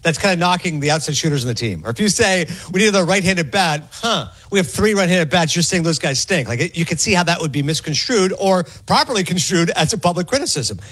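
A middle-aged man talking sports on a radio show as a guest analyst, fast and animated, acting out quotes as he goes. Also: high-pitched, breathy edge, dry recording. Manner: rapid and animated, acts out quotes. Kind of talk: fast casual sports talk.

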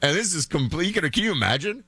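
A man's voice: on the high side, sing-song, quick pace, bright, forceful tone, husky, dry recording. A man hosting a talk show, giving chatty, opinionated commentary full of fillers and restarts.

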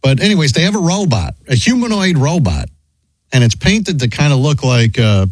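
A man's voice: on the high side, very animated, normal speed, slightly rough, no echo. A man hosting a talk radio show, rambling with lots of fillers and chuckling. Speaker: radio host.

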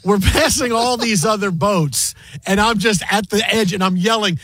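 A man hosting a sports radio show, telling stories in a casual, animated way and breaking into loud sung and shouted bits. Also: sits high, normal speed. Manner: animated storyteller, loud sing-song impressions.

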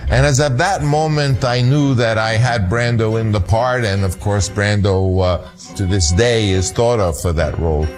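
A man recounting a casting story as an animated storyteller, acting out the voices of people he quotes. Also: on the low side, unhurried, soft background music. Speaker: film director recalling a casting story. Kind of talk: recorded anecdote.

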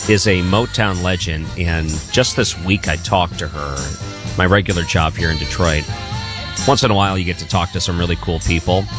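Low-voiced male late-night radio host. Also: normal speed, over music. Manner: chatty, friendly asides. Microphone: studio microphone.

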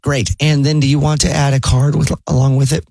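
A man hosting a radio show, running a prank call with a cheerful sales pitch. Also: little pitch movement, brisk, creaky, darkish tone, no echo. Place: radio studio.

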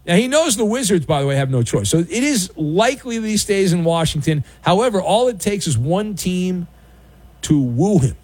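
A middle-aged man hosting a late-night sports talk radio show, riffing sarcastically with jokey, drawn-out emphasis. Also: high-pitched, big pitch swings, a little mellow, husky.

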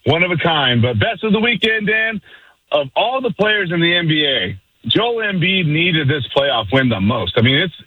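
Brief: energetic male caller, high husky voice, muffled phone line. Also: no echo. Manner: hyped, slangy, rapid-fire. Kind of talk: energetic call-in.

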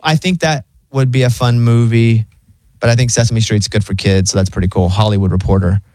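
A man's voice: lowish voice, fairly even intonation, fairly quick, a little mellow. A man hosting a radio show, reading news stories in a casual, joking way and riffing on them. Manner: chatty and joking, reads items then riffs.

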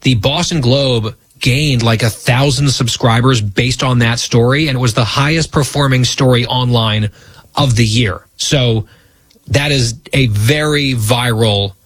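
Male radio host, wry and teasing, slightly husky, close dry mic. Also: mid-range voice, unhurried, fairly bright tone, no room sound. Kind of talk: bantering radio talk.

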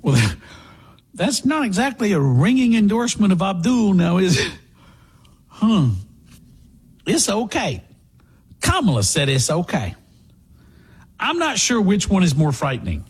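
A man hosting a talk radio show, speaking in a sarcastic, animated, mocking way. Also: sits high, moderate pace, long pauses, slightly rough.

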